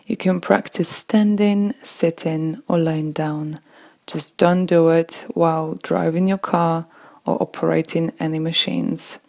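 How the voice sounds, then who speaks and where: A woman leading a guided relaxation visualization, speaking slowly and soothingly with long pauses. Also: sits low, fairly even intonation, creaky, darkish tone, low-quality recording. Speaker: yoga and meditation guide.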